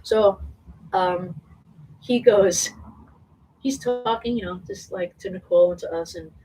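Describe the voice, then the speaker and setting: This woman, a singer speaking to a small crowd indoors, has a medium-pitched voice and talks a little slowly. Her story meanders, packed with laughter, filler words, and curses, and a far-off mic captures it along with faint noise.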